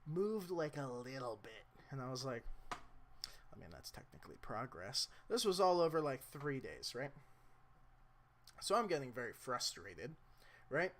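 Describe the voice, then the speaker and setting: A man's voice: mid-range voice, very animated, unhurried, pauses often, a bit bright, a little hiss or hum. A young man casually explaining a motorcycle repair in a rambling, self-deprecating way, talking to the camera mic as he works. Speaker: motorcycle vlogger. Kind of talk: casual how-to vlog.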